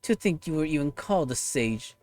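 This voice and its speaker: A man's voice: fairly high pitch, animated, brisk, soft background music, natural voice. A man voicing a scornful, vengeful young female warrior, reading game dialogue aloud with raging threats. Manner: raging, contemptuous, shouting threats.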